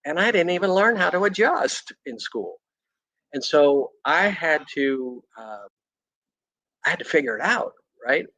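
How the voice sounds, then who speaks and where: A man's voice: on the high side, big pitch swings, measured pace, sharp tone, no room sound, poor audio. A middle-aged man, a chiropractor, telling his story in a candid, rambling way with frequent restarts. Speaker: chiropractor guest on a podcast. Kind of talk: casual storytelling interview.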